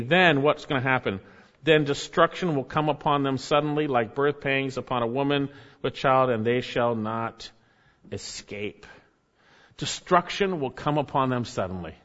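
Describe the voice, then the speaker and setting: Male pastor preaching, earnest, dips low and quiet for emphasis; muffled sound with long hall echo. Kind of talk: sermon.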